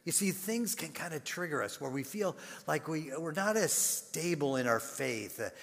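An older man preaching a sermon in an animated storytelling manner, repeating words and breaking into sudden loud bursts. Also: fairly high pitch, normal speed, vocal fry, long reverb tail. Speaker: pastor.

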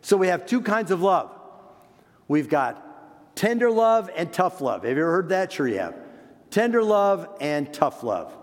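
An older man, a grandparent, giving an earnest sermon on parenting, repeating words and slowing down for emphasis. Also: sits high, sing-song. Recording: long echoey hall reverb.

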